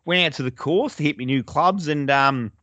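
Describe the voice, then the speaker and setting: A man's voice: on the high side, normal speed, pushed and bright, dry recording. A young adult man with an Australian accent, telling stories in a laid-back, sweary way as a podcast co-host. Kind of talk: casual chat.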